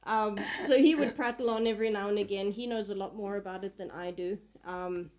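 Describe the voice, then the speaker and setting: A woman's voice: medium pitch, flat delivery, brisk, crowd noise. A woman chats casually on a book podcast, sharing her views with a giggly, self-deprecating manner. She hunts for words and laughs at herself along the way. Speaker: podcast co-host and reader.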